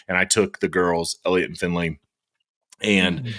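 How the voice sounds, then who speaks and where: A man's voice: low-pitched, a little slow. A man, co-hosting a casual podcast and telling stories that act out what others said. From Georgia, US. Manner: animated storyteller, acts out quotes. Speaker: podcast co-host. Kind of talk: casual chat.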